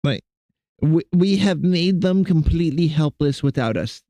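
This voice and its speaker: Casual guy streaming from home, bit high voice, bouncy and jokey, talks to his cats. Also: animated, measured pace, warm tone, no echo. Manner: rambling, joking, chatting to his cats. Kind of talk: casual live-stream chat. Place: home computer desk.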